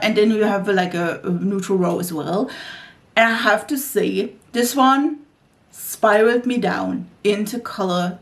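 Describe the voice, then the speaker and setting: Woman beauty vlogger, casual and chatty, leans on filler words, mid-pitched. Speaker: beauty YouTuber. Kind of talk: casual vlog chat about makeup.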